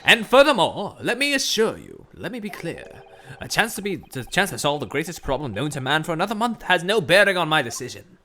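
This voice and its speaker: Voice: mid-range voice, wildly swooping pitch, fairly quick, pushed and bright, a little hiss or hum, voice pushed up, exaggerated voice. A streamer voicing a pompous, eccentric male Victorian detective in a theatrical, grandiose way, reading game dialogue aloud. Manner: theatrical, grandiose and self-satisfied.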